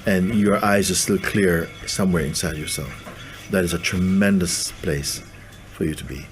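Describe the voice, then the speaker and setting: A man giving a spiritual talk to a gathering, gentle and playful, laughing often. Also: sits low, moderate pace, slight background noise. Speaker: spiritual teacher.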